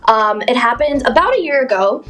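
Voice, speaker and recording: Blunt, animated young woman telling a story. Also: a little high, normal speed. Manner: animated, blunt, swears freely. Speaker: TikTok storyteller. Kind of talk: casual storytime to camera. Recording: music bed underneath.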